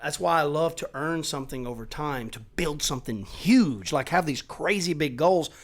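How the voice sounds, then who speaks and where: Swearing freely, a middle-aged man spins animated stories with plenty of emphasis during a relaxed podcast conversation. He talks at a normal speed in a fairly high voice.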